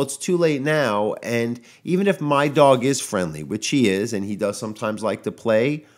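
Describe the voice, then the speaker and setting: A man's voice: mid-range voice, very animated, moderate pace, hardly any pauses, darkish tone. A man, a dog trainer, hosting his own podcast in casual solo talk and venting his frustration. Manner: frustrated ranting, quoting people in raised voices.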